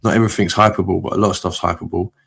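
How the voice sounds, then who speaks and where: A man hosting a live stream, his voice sitting low with a gravelly, creaky edge. He chats loosely, reads out comments from viewers and tosses off easygoing shout-outs. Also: rapid-fire, slight background noise. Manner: relaxed, chatty shout-outs to viewers with chuckles. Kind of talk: casual live-stream chat, reading out comments.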